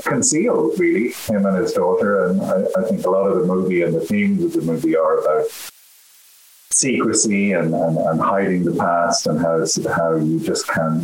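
A middle-aged Irish man, an actor being interviewed, talking in a halting way with many restarts. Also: sits low. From Ireland. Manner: halting, full of restarts and fillers. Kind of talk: casual interview chat. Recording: roomy echo with faint hiss.

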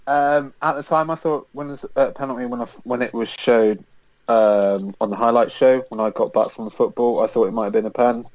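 A man's voice: medium pitch, steady tone, a little fast, darkish tone, dry recording, poor audio. A man on a casual football podcast panel, talking in a hesitant, rambling way with many fillers.

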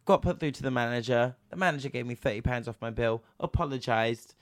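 A man's voice: medium pitch, quick pace, no echo, studio quality. A young man telling a story in casual chat, swearing freely and acting out both sides of a phone call.

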